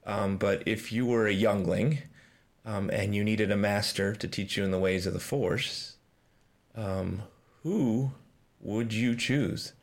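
Low-voiced man hosting with many ums. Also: slow pace. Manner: hesitant, many ums and restarts. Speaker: podcast host. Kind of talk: casual chat.

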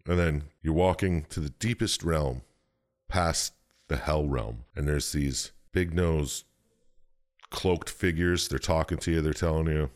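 Deep low-voiced guy rambling thru a story recap, swears a lot. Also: unhurried. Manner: rambling, profane, jumps into silly quoted voices. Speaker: podcast co-host recapping a game story. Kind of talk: casual chat.

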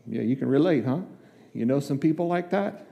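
Animated and brisk, an older man with a gravelly, dark, medium-pitched voice is heard in lo-fi sound with a big-room feel. As a district superintendent guest-preaching in a church sanctuary, he gives a chatty, folksy sermon, acting out little dialogues with asides.

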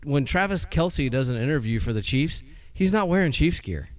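A man co-hosting a podcast on a porch, chatting casually and telling stories in a rambling, excitable way. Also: a little high, moderate pace. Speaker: podcast co-host. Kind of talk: casual chat.

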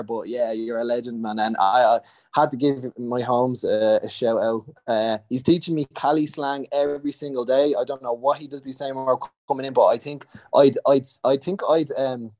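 A young man with a Dublin accent, a footballer chatting casually as a podcast guest, laughing often. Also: medium pitch. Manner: chatty, laughs often, gives shout-outs.

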